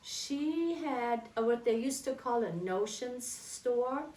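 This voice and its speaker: A woman's voice: a little high, animated, slow. Chatty woman reminiscing in a roomy space. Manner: warm, chatty, fond reminiscing. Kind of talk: personal storytelling. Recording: roomy, from a distance.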